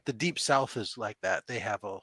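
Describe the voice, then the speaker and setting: A man rambles through casual stories and chuckles as he goes. His voice is low but bright, and it sounds dry and close to the mic. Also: normal speed, husky, dry recording. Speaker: guest. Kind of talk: casual chat.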